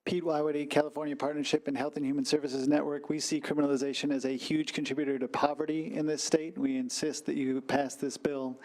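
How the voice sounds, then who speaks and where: A man's voice: fairly high pitch, flat delivery, fast talker, few pauses, a little mellow. A man representing an advocacy network, speaking firmly and insistently in a short public comment. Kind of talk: brief public testimony at a hearing.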